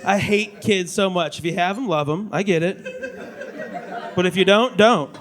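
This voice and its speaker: A man in his thirties doing a stand-up comedy set on a club stage, animated and slipping into mock voices. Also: high-pitched, a little slow. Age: 30s. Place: comedy club stage before a live audience. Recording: live club audience faintly heard. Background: audience laughter.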